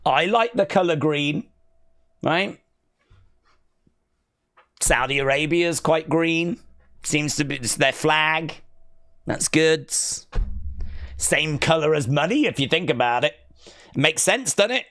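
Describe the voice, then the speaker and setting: A man's voice: a little high, slow, pauses often, fairly bright tone, no room sound. A man hosting a live wrestling watch-along, reading chat and riffing with dry sarcasm and lots of fillers. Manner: sarcastic, jokey, rambling with fillers.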